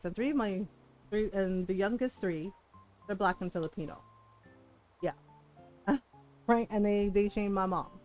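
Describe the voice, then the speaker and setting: A woman streamer chatting casually while playing a game, frank and quick to laugh, swearing freely and acting out the people in her stories. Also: mid-range voice, a little mellow. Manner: frank, swears freely, laughs often, retells dialogue animatedly. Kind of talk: casual chat while gaming.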